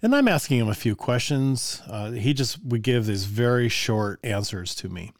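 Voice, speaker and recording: An older man, a music teacher, telling stories from his classroom in a relaxed, conversational way with frequent chuckles and asides to the listener. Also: medium pitch, moderate pace, no room sound, studio quality. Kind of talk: casual storytelling.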